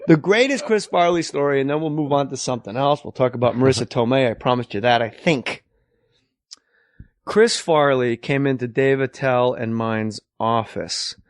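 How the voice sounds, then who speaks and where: A middle-aged man hosting a podcast, telling comic stories in an animated way and acting out other people's voices. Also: mid-range voice, moderate pace, no room sound, studio quality. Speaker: podcast host. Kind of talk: comic storytelling.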